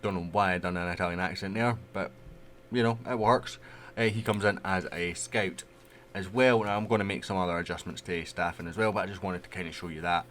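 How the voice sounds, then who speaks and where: A man's voice: deep voice, steady tone, brisk, fairly bright tone. A man giving casual, rambling commentary over a management game he plays. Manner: chatty, rambling, loose. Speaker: gaming YouTuber.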